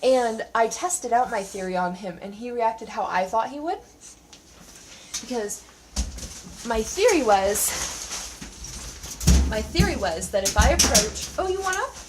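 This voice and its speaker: A woman's voice: on the high side, animated, a little slow, pauses often. A woman giving a casual, sarcastic spoken review of a TV show from home, talking in a chatty way full of "like". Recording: distant from the mic, faint background noise.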